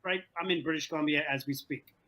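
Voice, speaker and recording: A man hosting an online trivia game over a video call, animated and joking, often repeating himself. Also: a little high, fast, over a noisy crowd, poor audio. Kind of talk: playful game-show hosting. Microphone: video call from home.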